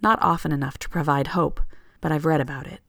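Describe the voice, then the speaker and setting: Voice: medium pitch, steady tone, quick pace, gravelly, fairly bright tone, dry recording, studio quality. A reader voicing a nervous, apologetic young woman who speaks hesitantly. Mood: rueful.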